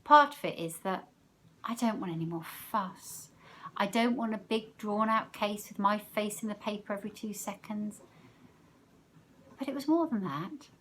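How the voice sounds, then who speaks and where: A woman teacher reading a novel aloud, expressive, letting her loudness rise and fall with the story. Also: mid-range voice, slight background noise.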